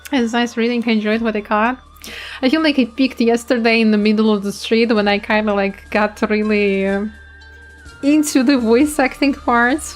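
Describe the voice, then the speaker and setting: Young woman streamer, relaxed chatty narrator, slightly high pitch, faint music bed. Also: normal speed. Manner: chatty, loose, with small restarts. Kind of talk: reading a game story aloud, then casual chat.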